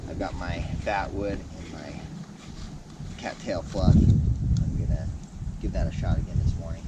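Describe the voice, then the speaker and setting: Casual male camping vlogger, laid-back and chatty, a bit low, recorded outside with heavy wind noise. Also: flat delivery, measured pace, highs cut off. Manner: easygoing, chatty. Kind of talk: casual outdoor vlog narration. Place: outdoor campsite by a river. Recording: loud wind and outdoor noise.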